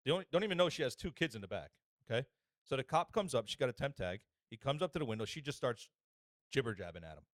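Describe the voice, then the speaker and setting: Fast-talking and medium-pitched, this male podcast co-host is an animated storyteller who imitates other people's voices during a casual chat. The sound is clean studio quality without echo.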